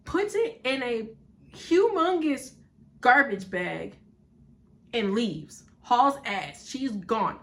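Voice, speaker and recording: A young woman tells a storytime tale in a casual, animated way. She is blunt and swears freely. Her voice sits slightly high. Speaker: vlogger.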